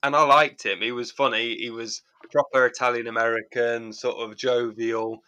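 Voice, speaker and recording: A man's voice: mid-range voice, flat delivery, moderate pace, bright, forceful tone, smooth. A man, co-hosting a podcast, recapping an episode in rambling, amused casual chat. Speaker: podcast co-host.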